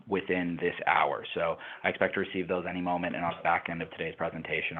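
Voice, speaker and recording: A quick-talking man hosts an online webinar, chatty and loose with plenty of fillers. His voice sits very low, and it comes through a tinny, phone-like line. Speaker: webinar host. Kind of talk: casual presenting on a call.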